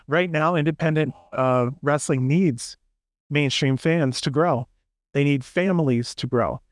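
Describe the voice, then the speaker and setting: This man co-hosts a podcast, his voice on the high side and unhurried, with no echo in the recording. In casual chat he rambles through long, opinionated rants and raises his voice to act out quotes.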